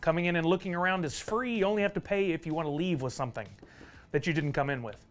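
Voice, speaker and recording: A man's voice: a little high, fast talker, soft background music. Upbeat man hosting a live stream. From Texas. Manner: upbeat, greets viewers by name. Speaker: livestream host.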